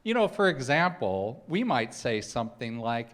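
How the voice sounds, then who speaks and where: A man's voice: medium pitch, sing-song, moderate pace, few pauses, fairly bright tone. A middle-aged man giving a personal, conversational sermon, mixing heartfelt reflection with humorous stories from fatherhood. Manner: conversational storytelling with humorous asides. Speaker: spiritual speaker.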